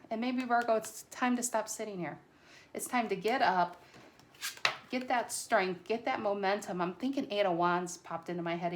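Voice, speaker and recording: A woman doing a casual tarot reading to camera, chatty and excitable, a little nervous and stumbling over her words. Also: medium pitch, slight background noise. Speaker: tarot reader.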